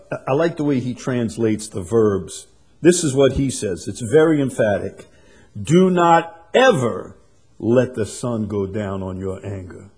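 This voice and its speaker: A man preaching a sermon, swinging from quiet and conversational to loud, emphatic passages. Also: lowish voice, husky. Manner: builds to loud emphatic preaching, then drops soft. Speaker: pastor.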